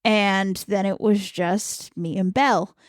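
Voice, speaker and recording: A woman's voice: medium pitch, fairly even intonation, takes it slowly, no echo, clean studio sound. A woman co-hosting a podcast in casual chat, chiming in and finishing her co-host's sentences. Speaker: podcast co-host.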